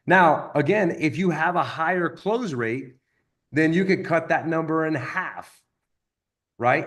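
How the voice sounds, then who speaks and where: A man giving an energetic motivational sales training talk, acting out stories with quoted voices. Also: on the high side, moderate pace.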